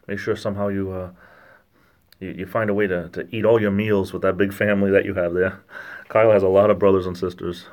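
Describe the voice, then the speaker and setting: A man with a Rhode Island accent, casually chatting and joking with viewers on a livestream in a rambling, halting way. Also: low-pitched, level tone, darkish tone. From lower New England, Rhode Island–Massachusetts border. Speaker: livestream host reading chat.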